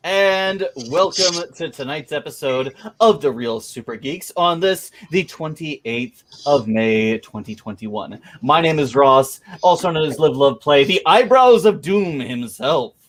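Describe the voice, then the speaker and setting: A man's voice: fairly high pitch, expressive, measured pace, hardly any pauses, fairly bright tone. A man hosting a geek podcast, chatting casually and announcing the show with a theatrical flair. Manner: theatrical, playful announcer delivery. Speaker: podcast host. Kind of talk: casual chat and show intro.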